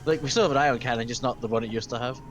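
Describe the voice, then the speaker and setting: A man's voice: mid-range voice, rapid-fire. A British man chatting casually and laughing often during a group building session. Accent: British English. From Britain. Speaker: host and builder. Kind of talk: casual gaming chat.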